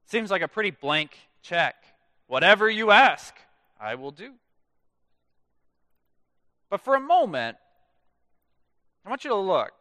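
Animated, bright-voiced male pastor preaching. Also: high voice, dry recording. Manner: animated storytelling with dramatic soft drops at phrase ends. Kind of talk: sermon. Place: church.

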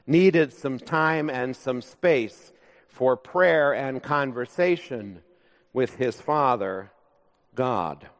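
A male pastor preaching a sermon in a church, speaking in a measured, conversational way with light humor. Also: high voice. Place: church sanctuary. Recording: long reverb of a large church.

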